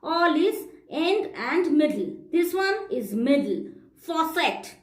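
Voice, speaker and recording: A woman teaches phonics, pausing to spell out letters and sound out each word. Her voice sits high and her delivery is unhurried. The room around her gives back a noticeable echo. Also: sing-song. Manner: slow, deliberate explanation, spelling out letters and sounding words. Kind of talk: phonics lesson. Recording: echoey room.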